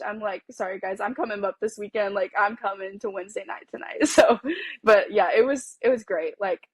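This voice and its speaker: College-age woman guest, lively storyteller, dry close sound. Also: mid-range voice, no echo. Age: young adult. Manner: animated, acts out quoted dialogue, laughs often. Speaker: podcast guest. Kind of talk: storytelling in casual chat.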